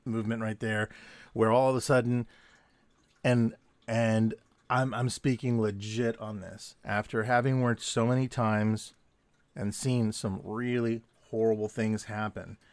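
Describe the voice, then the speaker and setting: A man with a lowish voice and flat delivery tells rambling security-guard stories at a measured pace while drawing at his home desk at night. He's an artist and vlogger who used to be a guard, and he drifts off topic and chuckles often. No echo.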